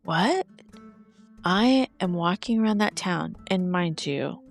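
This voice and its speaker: A woman's voice: fairly low pitch, lively intonation, slow pace, faint music behind. A woman hosting a podcast, telling personal stories in a theatrical, self-mocking way with playful asides. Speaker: podcast host. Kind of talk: personal storytelling monologue.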